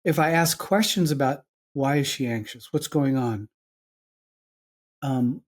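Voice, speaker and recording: A man's voice: medium pitch, unhurried. An older man from New York with a New York accent, a psychologist and author being interviewed, acting out little dialogues in shifting voices. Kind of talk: reflective interview talk.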